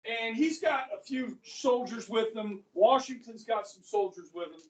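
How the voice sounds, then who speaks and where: A man's voice: very high voice, a little slow. Male American history teacher, casual storytelling lecture, recorded at a distance in a roomy classroom. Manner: chatty storytelling with frequent "okay?" check-ins. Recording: echoey classroom from far off.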